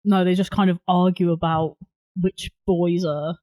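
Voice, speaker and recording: A woman's voice: fairly low pitch, little pitch movement, a little slow, dark tone, no room sound. A woman co-hosting a podcast, chatting about films in a jokey way and laughing often. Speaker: podcast co-host. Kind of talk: casual film discussion.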